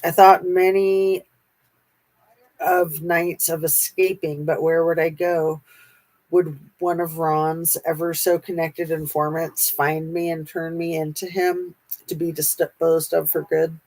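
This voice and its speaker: A woman reads a memoir aloud at a slow, deliberate pace. Her voice sits a little low. She keeps a steady, unhurried reading manner with small pauses. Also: rough recording.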